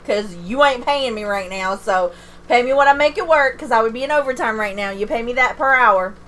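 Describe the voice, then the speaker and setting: Bright-voiced chatty woman streamer. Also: on the high side, a little fast. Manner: candid, chatty, self-deprecating, laughs often. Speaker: game streamer. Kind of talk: casual livestream chat.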